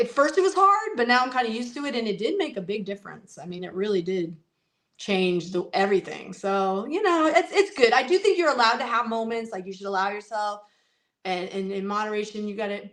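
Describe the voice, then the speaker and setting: Animated woman chatting casually. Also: mid-range voice. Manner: animated, talks in quick restarts and asides. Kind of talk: casual chat.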